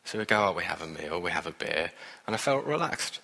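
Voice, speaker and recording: A man's voice: low-pitched, lively intonation, fairly quick, vocal fry, sharp tone. A man preaching a sermon in an earnest, conversational way, adding self-deprecating asides. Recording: reverberant hall.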